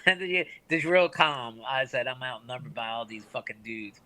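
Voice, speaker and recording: A man co-hosting a podcast, telling a rowdy story in casual chat and acting out the quotes, sometimes dropping to a hushed voice. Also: mid-range voice, normal speed. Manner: animated storyteller, acts out quotes, drops to hushed voice. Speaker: podcast co-host.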